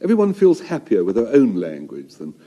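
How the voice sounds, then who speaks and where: A man's voice: lowish voice, wildly swooping pitch, fairly quick, mellow. A middle-aged English man hosting a scripted radio comedy show with a dry, wry delivery. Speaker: host. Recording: broadcast radio studio.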